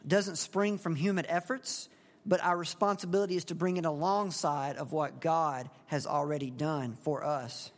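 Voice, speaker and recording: A man's voice: on the high side, fairly even intonation, normal speed. A male pastor giving a conversational expository sermon, asking the congregation questions. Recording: long hall reverb.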